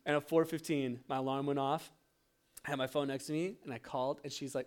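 A man's voice: medium pitch, steady tone, fairly quick. A young man preaching a sermon, telling a self-mocking personal story with laughter. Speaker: pastor.

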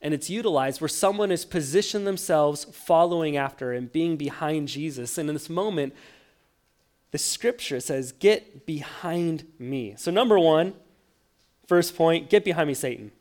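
A man preaching a sermon, telling the story with lively acted-out quotes and frequent stammered restarts. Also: fairly high pitch, normal speed. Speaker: pastor.

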